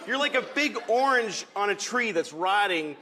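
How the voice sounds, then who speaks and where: A man telling comic stories on a talk show, swinging from loud outbursts to low mutters. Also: animated, moderate pace, very noisy. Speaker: comedian guest.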